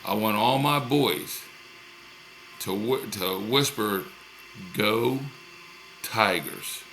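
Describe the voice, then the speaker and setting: Man teaching a recorded class lesson, low gravelly voice, upbeat and encouraging, repeats himself, faint background noise. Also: takes it slowly, fairly bright tone.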